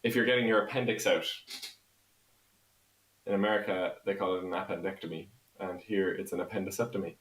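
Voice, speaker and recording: A man's voice: deep voice, fairly even intonation, brisk, a bit bright, reverberant, a little hiss or hum, low-quality recording. An Irish man co-hosting a casual live-stream chat, laughing often. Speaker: co-host.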